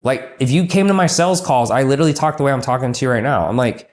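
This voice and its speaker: A man's voice: medium pitch, quick pace. A man coaching a business owner in a blunt, profane, ranting way.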